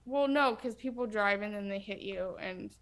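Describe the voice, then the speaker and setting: A woman's voice: medium pitch, moderate pace, fairly bright tone. Woman, young adult, casual guest chat, blunt, ranting, filler-heavy.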